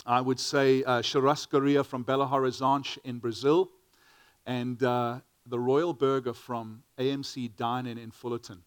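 A man's voice: mid-range voice, level tone, normal speed, clean tone, dry recording. A middle-aged man preaching a sermon, earnest, often repeating words as he starts a phrase.

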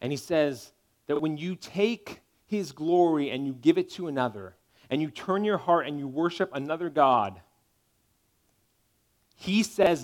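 Man, pastor, sermon, somewhat high pitch, emphatic conversational delivery. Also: lively intonation, measured pace, a little mellow. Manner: conversational preaching, emphatic, checks in with "right?".

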